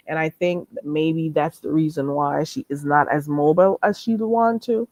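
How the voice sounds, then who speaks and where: A woman's voice: fairly low pitch, a little mellow, dry recording, studio quality. A woman hosting a casual live stream, chatting in a rambling way with asides to her viewers.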